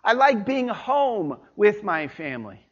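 A man's voice: high voice, very animated, a little slow, highs cut off. A male pastor preaching a Sunday sermon in a church, conversational and folksy, with homey asides.

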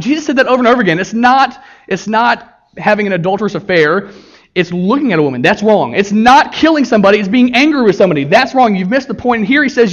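High-voiced preaching man, lo-fi. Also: animated, fast talker, a bit bright. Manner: earnest preaching with childhood story and scripture reading. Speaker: pastor. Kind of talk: sermon.

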